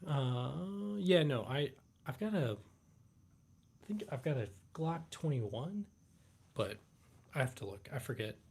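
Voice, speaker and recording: A man hosting a live Q&A stream, sounding tired and yawning between thoughts. His talk is laid-back and halting, full of fillers and restarts. His voice sits at an ordinary middle pitch. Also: expressive, a little mellow, husky. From United States. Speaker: livestream host.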